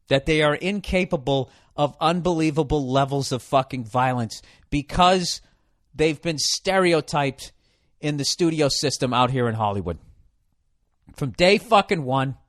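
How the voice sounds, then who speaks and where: A man hosting his own podcast, going off on a foul-mouthed comic rant, exasperated and swearing freely. His voice sits a bit high, and the sound is dry and close to the mic. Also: fairly bright tone, no room sound. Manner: profane, ranting, exasperated. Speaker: podcast host. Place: hot room.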